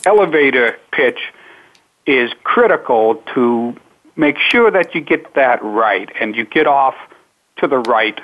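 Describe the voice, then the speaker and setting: Man coaching on speaking, slow and careful, sounds like a tinny phone line. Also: mid-range voice, animated. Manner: measured, unhurried explanations with many pauses. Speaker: speaking coach, interview guest. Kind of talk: radio interview answers.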